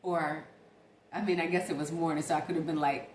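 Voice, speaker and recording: This late-night vlog features a young woman chatting animatedly straight to the camera and calling her viewers "y'all." Her low-pitched voice moves fairly quickly. The sound is echoey, with faint noise in the room.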